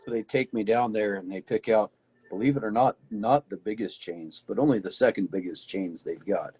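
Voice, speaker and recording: A man playing a tabletop game, telling his character's story in a relaxed way. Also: lowish voice, normal speed, breathy edge, faint music behind. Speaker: player. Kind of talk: tabletop role-play in character.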